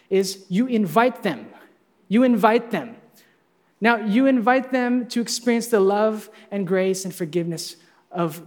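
A male pastor delivers a lively sermon in a fairly high voice. He teases his listeners with energy, and his words ring out with long reverb in a church hall. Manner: energetic, playful teasing of the congregation.

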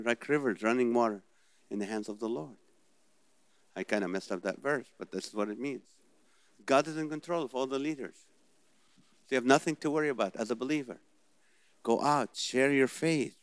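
A man's voice: mid-range voice, clear, resonant tone, no echo. A man preaching a sermon, asking rhetorical questions and mimicking worried voices. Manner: animated, rhetorical questions, mocking imitations of worried people. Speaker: pastor.

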